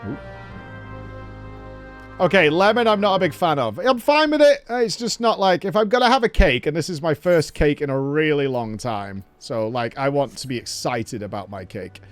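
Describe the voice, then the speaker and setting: A man in his thirties chatting and ranting on a stream, swearing freely in an animated way. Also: mid-range voice. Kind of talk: casual stream chat.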